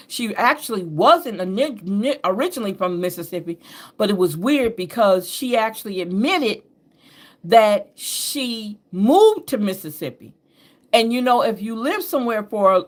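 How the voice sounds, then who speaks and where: A woman host originally from New York talks in a loose, rambling way, her speech softened by a Southern drawl. Her pitch rises and falls a lot, and she laughs and corrects herself as she goes. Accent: Southern US drawl over an upstate New York base. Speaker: host and astrology reader. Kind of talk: casual rambling chat.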